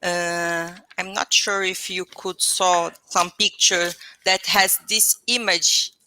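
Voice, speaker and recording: Halting woman with a Portuguese accent. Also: on the low side, steady tone, bright, forceful tone, slight background noise. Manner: hesitant, searching for words, many restarts. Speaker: English student. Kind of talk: online English lesson conversation. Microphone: video call.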